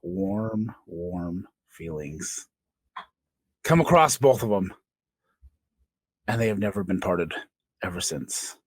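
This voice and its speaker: A man's voice: on the low side, sing-song, a little slow, long pauses, husky, no room sound. A man co-hosting a comedy podcast, spinning absurd made-up stories in a playful, joking way. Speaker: podcast co-host.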